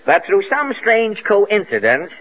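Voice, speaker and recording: A man's voice: high-pitched, sing-song, takes it slowly. A man hosting a 1940s radio comedy, dry and wisecracking, with mock-stern scolding, on a lo-fi old broadcast recording. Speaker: comedy show host.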